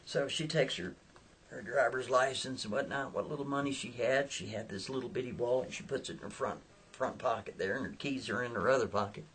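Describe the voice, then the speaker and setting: A man's voice: medium pitch, brisk, a bit bright, a little hiss or hum. A man telling a story in a folksy, chatty way, often turning aside to the listener. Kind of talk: casual spoken storytelling.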